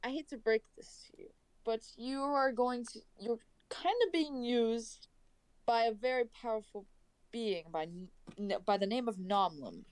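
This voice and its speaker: A woman's voice: on the high side, unhurried, smooth, no room sound, rough recording. A woman playing a tabletop game, chatting casually in and out of character with a hesitant, restarting manner. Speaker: player. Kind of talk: casual tabletop role-play.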